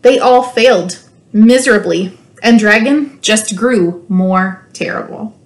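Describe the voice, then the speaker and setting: A woman school librarian gives an expressive, playful reading of a children's storybook, adding teasing asides for her listeners. Her voice is mid-range and she reads slowly.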